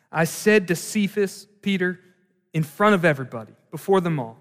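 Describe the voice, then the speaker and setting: A male pastor preaching a sermon in a conversational, animated way, with asides to the congregation. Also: high-pitched, moderate pace. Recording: long hall reverb.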